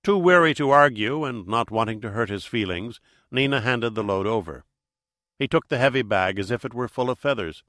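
A man reading an audiobook in steady, measured narration. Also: mid-range voice, no echo, clean studio sound. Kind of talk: scripted narration.

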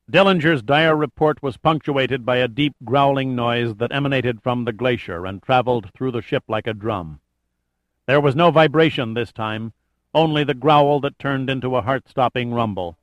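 A man reading a thriller audiobook in steady, measured narration. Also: mid-range voice, no echo.

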